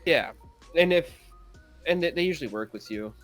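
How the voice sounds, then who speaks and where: A man's voice: a little high, animated, normal speed, a bit bright, soft background music. A man co-hosting a casual podcast, ranting with profanity and mocking impressions of rude workers. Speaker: podcast co-host.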